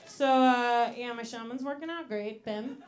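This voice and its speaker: A young woman doing a stand-up comedy set on a club stage into a handheld mic, with a deadpan delivery and slow pauses. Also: on the high side, a little hiss or hum. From Italian-American family. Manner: deadpan delivery, slow pauses, sudden shouted outbursts in put-on voices.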